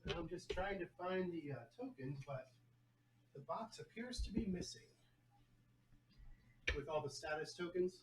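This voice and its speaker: A man's voice: sits high, animated, moderate pace, long pauses. A man hosting a live tabletop game stream as game master, chatty and joking. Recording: faint background noise.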